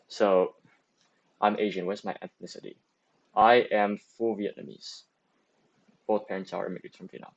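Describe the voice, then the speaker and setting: Low-voiced young man rambling on a stream. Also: fairly even intonation, normal speed, creaky, long pauses, highs cut off. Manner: rambling, full of "like" and restarts; reads and answers chat. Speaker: student club streamer. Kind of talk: casual livestream talk giving advice.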